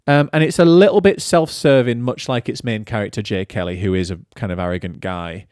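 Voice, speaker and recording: A man in his thirties hosting a solo film podcast, chatty and animated as he reviews movies and tells stories. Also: lowish voice, a little fast, smooth, dry recording, studio quality. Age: 30s. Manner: chatty and animated, with lively storytelling asides.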